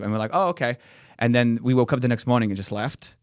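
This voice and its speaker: A man's voice: medium pitch, fast talker, clean tone, no room sound, clean studio sound. A young man from Lithuania with a Lithuanian accent, a comedian telling a wild story in casual chat, acting out quotes and laughing often. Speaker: comedian guest.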